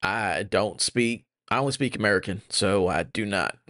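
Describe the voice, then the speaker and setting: A man co-hosting a casual gaming podcast, jokey and rambling as he thinks out loud. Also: on the low side, moderate pace, no echo, studio quality. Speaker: podcast co-host.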